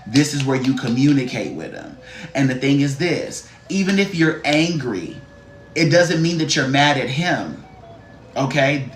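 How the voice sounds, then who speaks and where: A man's voice: mid-range voice, lively intonation, normal speed, slight background noise. A man giving a live-stream card reading, blunt, profane and sassy, talking straight to the viewer and greeting chatters. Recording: roomy echo.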